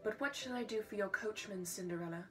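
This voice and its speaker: A kind fairy godmother from a storybook, voiced by a woman reading aloud, speaking in a soft, calm and gentle voice that is a touch lower and quieter than the narration. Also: fast talker, far from the mic, soft background music, natural voice.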